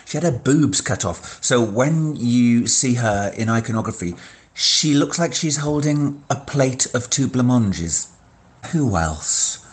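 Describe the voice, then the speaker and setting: A man's voice: mid-range voice, animated, slow pace. A man from Scotland leaving a gossipy, camp voice message to a podcast. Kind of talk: casual voice message.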